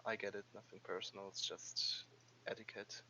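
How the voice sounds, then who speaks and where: A man's voice: fairly low pitch, level tone, normal speed, bright, forceful tone, a little hiss or hum. A man playing a tabletop role-playing game, talking hesitantly with stumbling restarts. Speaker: player. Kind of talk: tabletop role-play, in and out of character. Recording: dull audio with faint music.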